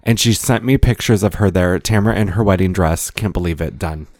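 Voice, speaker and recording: A man's voice: deep voice, brisk, a little mellow. A man co-hosting a casual podcast, gossiping playfully and retelling reality-show drama. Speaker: podcast co-host. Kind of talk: casual chat.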